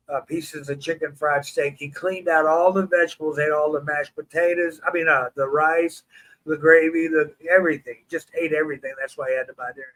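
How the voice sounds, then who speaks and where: A man telling an animated story in an interview, acting out the voices of the people in it. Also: a little high, rough recording. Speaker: interview guest.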